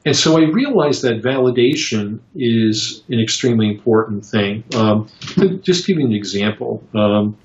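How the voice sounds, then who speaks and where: Low-voiced man answering interview questions. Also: a little hiss or hum. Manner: halting, many fillers and restarts; reflective storytelling. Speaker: interviewed psychotherapist. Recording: roomy, dull lo-fi sound.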